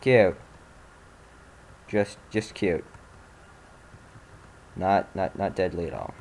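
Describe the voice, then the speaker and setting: An irritated young man talks over his gameplay in a fairly low voice. He grumbles, sighs, and swears at the game, sounding fed up throughout. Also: drawn-out words, vocal fry, a little mellow. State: angry, frustrated. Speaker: let's play commentator. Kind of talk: casual gameplay commentary.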